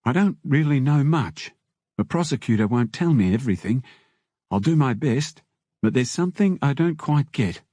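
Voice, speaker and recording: A man's voice: mid-range voice, expressive, normal speed, warm tone, no echo, voice pushed up, natural voice. A man doing a careful, concerned lawyer. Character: middle-aged male defence lawyer, earnest.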